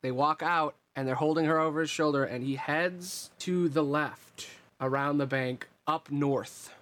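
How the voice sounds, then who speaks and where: A man's voice: a little high, a little slow. Guy running a tabletop game, laid back, rambly, um and uh a lot. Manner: relaxed, rambling descriptions with fillers. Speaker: game master.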